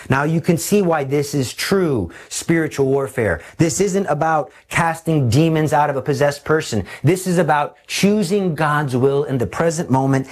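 A man preaching a sermon, telling stories in an animated way and acting out the voices. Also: on the high side.

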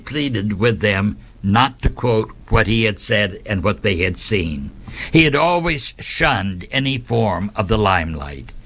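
A man hosting a radio program, reading a devotional story in a measured, reverent way. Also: lowish voice, a bit bright. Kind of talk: scripted devotional narration.

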